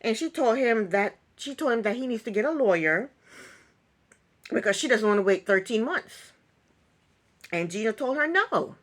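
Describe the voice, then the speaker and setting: A woman's voice: on the high side, expressive, normal speed, long pauses. Chatty woman recapping a reality show. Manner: chatty, opinionated, many ums. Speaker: recap vlogger. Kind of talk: casual TV recap monologue.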